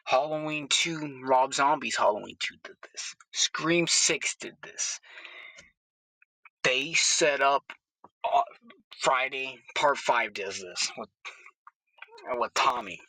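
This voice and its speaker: A gravelly, husky man talks straight into a phone from his car, blunt, excitable and quick to swear. His tone is bright and forceful, and the sound is dry, with no room echo. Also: medium pitch. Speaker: horror movie vlogger. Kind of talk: casual ranting monologue. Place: inside a car. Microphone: phone held away from the mouth.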